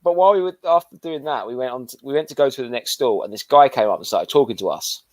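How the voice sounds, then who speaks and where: A man co-hosting a casual toy livestream, telling car boot stories in a relaxed, halting way. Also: mid-range voice. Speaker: toy show co-host.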